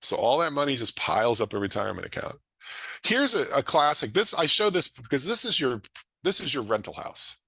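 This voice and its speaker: A middle-aged man presenting to an audience in an energetic, folksy way, acting out dialogue. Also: brisk, creaky, husky, no room sound. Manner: energetic, folksy, acts out dialogue with rising pitch. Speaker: real estate investor presenting a webinar.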